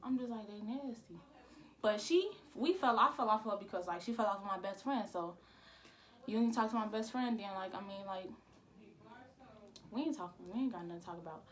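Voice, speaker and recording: A woman's voice: medium pitch, fairly quick. A young woman vlogger telling a casual storytime. She rambles, repeats "I'm like" and uses a lot of slang.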